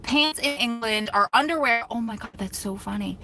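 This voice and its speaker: Bright chatty woman host. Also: a little high, moderate pace, rough recording. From United States. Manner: chatty, animated storytelling, laughs often. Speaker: vlog host. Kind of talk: casual livestream chat reading comments.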